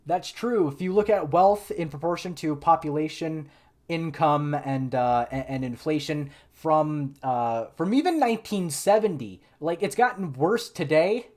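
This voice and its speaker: A man's voice: a little high, lively intonation, unhurried, darkish tone. A man hosting a live political commentary stream, sarcastic and exasperated, thinking aloud with frequent restarts.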